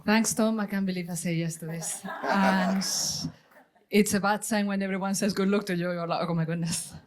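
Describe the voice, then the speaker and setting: A woman's voice: mid-range voice, fairly even intonation, normal speed. A woman with a Spanish accent giving a short conference talk as a lecturer. She often hesitates and restarts, with self-deprecating humor. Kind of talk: lightning talk. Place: conference room.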